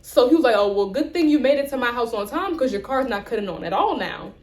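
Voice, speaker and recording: Animated young woman telling a story. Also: fairly high pitch, quick pace, roomy sound, slight background noise. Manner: animated, acts out both sides of conversations. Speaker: vlogger. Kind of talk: storytelling rant.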